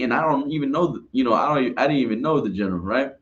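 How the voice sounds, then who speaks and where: A man's voice: medium pitch, expressive, quick pace, lo-fi sound. A man giving an informal religious class talk, rambling and repeating himself, often asking "right?". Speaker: class speaker.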